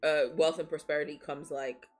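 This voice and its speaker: A woman's voice: low-pitched, level tone, a little fast, a little mellow, faint music behind. A woman from Nigeria hosting a casual stream chat, teasing and laughing often, a little tipsy from beer. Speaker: streamer host.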